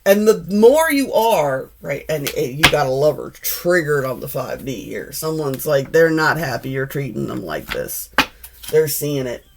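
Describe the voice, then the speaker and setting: A woman's voice: low voice, very animated, unhurried, vocal fry, slight background noise. A woman in her forties giving a casual tarot reading, blunt and profane, rambling with frequent restarts. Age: 40s. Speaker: tarot reader.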